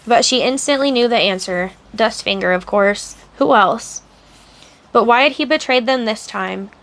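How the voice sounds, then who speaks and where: Woman streamer, slightly high voice, steady read-aloud narration. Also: normal speed. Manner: steady storytelling narration, blunt asides. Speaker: streamer reading a novel aloud. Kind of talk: audiobook-style reading on a live stream.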